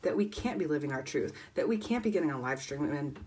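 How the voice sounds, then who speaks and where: A woman in her thirties on a motivational livestream, talking fervently and swearing constantly, swinging between loud emphasis and near-whispers. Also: deep voice, expressive, quick pace, a little hiss or hum. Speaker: life coach.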